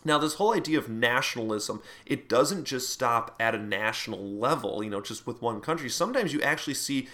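A man lecturing to a class in a relaxed, conversational manner. He wanders through fillers and side comments as he explains. His voice sits at an ordinary middle pitch. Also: a little fast, few pauses. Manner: puts on mock voices for quoted speech. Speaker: teacher.

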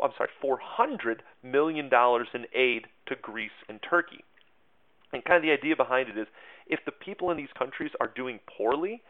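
A man giving a casual history lesson, chatty and self-mocking, with lots of fillers and asides. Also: medium pitch. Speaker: teacher. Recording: tinny phone-like sound.

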